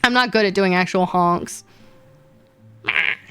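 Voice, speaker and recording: A woman's voice: on the low side, measured pace, sharp tone, clean tone, dry recording, faint music behind. A young woman streaming casually, rambling with bubbly energy, laughing often and repeating her words as she chats. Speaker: VTuber streamer. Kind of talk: casual livestream chat.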